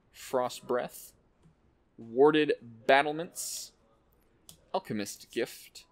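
A man hosting an unboxing, excitedly calling out card names and cracking quick jokes as he goes. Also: medium pitch, creaky. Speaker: host opening card packs. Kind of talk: casual unboxing commentary.

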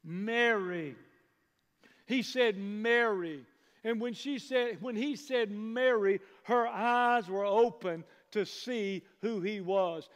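A man preaching a sermon as pastor, building from hushed passages to loud praise. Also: sits high, takes it slowly, hardly any pauses, smooth. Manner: preaching, rising to shouts of praise. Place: church sanctuary. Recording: long hall reverb.

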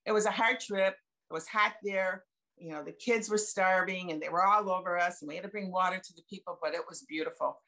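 A woman in her seventies speaks fairly quickly in a fairly low, bright and forceful voice. As a guest on a video call sharing her testimony of faith, she's chatty and down-home, recounting conversations emphatically.

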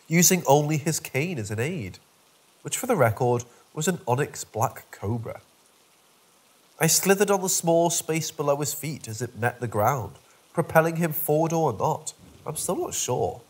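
A man's voice: mid-range voice, a little mellow, husky. A man narrating a first-person horror story from a script, in a dry, wry storytelling manner.

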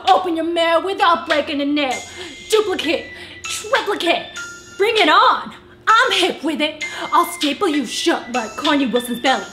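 A young woman playing a brash office worker who wants to rap, with sassy, punchy comic delivery. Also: sits high. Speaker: auditioning actor. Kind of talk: comic theatre monologue. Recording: echoey room, faint music.

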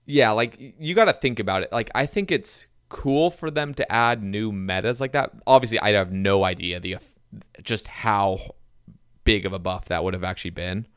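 A man hosting a casual gaming podcast, talking in a relaxed, rambling way. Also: lowish voice, normal speed, clear, resonant tone, no room sound, clean studio sound. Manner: relaxed, rambling with many "like" fillers. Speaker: podcast host.

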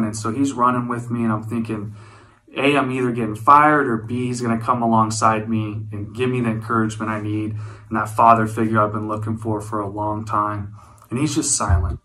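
A man in his thirties speaks as a guest at an event, giving a personal testimony. His voice is bright and forward. He talks earnestly and reflectively, and he often doubles back to restart a phrase. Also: mid-range voice, rough recording. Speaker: guest speaker, former wildland firefighter.

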